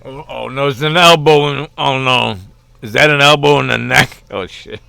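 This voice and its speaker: A man's voice: mid-range voice, normal speed, vocal fry, sharp tone, smooth. A man giving rambling, casual reaction commentary on a video, full of fillers and the odd swear.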